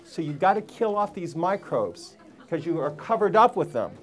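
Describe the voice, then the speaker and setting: A man's voice: high-pitched, very animated, moderate pace. Emphatic man preaching to a seminar crowd. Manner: emphatic, preachy, fires rhetorical questions at the crowd. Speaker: health seminar speaker. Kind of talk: live seminar talk to an audience. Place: room with a live audience.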